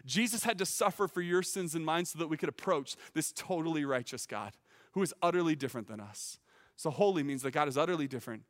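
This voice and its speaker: A man preaching a sermon as teaching pastor, earnest and emphatic, often repeating words as he starts a phrase and rising to loud peaks. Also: on the high side, expressive, quick pace, big-room sound.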